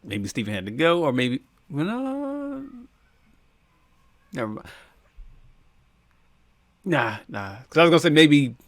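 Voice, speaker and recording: A man co-hosting a podcast, chatting in a relaxed way with loose slang and frequent laughter. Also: on the high side, slow, pauses often, dry recording. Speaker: podcast co-host. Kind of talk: casual podcast chat.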